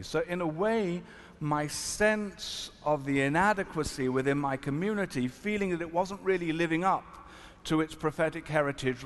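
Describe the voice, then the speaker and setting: Reflective rabbi in an echoey hall. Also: male voice, a little high. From South Africa. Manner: reflective, earnest, halting. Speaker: rabbi, panel speaker. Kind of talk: storytelling talk at a panel. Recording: echoey hall, faint noise.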